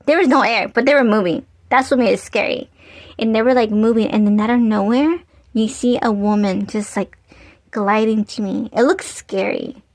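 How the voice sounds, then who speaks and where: Give me an animated woman vlogger telling a story, chatty and casual, with a high voice. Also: moderate pace, dry recording. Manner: animated storyteller, many "like" fillers. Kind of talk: storytime vlog.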